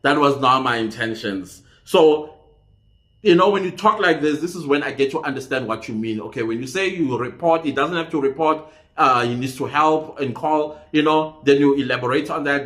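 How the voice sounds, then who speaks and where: A man's voice: medium pitch, expressive, normal speed, fairly bright tone. Man reading comments, roomy echo. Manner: reads comments aloud and reacts, often laughing. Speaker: channel host reading viewer comments. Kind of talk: casual commentary.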